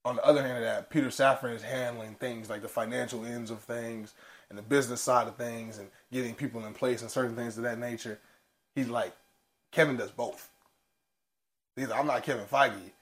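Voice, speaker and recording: A man co-hosting a casual pop-culture podcast, animated and swearing freely as he tells stories. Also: mid-range voice, fairly quick. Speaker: podcast co-host. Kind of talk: casual chat.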